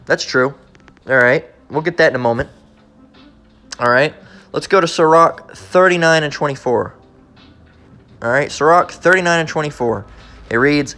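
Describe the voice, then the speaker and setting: A man preaching in a blunt, confrontational way, repeating his points and reading scripture slowly and deliberately. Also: a little high, pushed and bright. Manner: blunt, repetitive, keeps asking "all right?"; reads verses slowly and deliberately. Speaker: street preacher.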